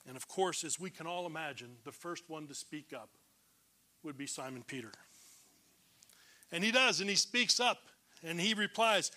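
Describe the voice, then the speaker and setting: A male pastor preaches emphatically and with animation at a normal pace, swinging from loud declarations to hushed, low lines.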